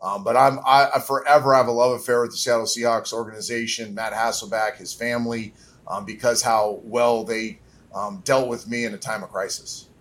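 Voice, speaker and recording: A man's voice: mid-range voice, steady tone, fairly quick, fairly bright tone. A middle-aged man speaking as an interview guest, candid and reflective, his voice catching with emotion at times. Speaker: interview guest, former quarterback.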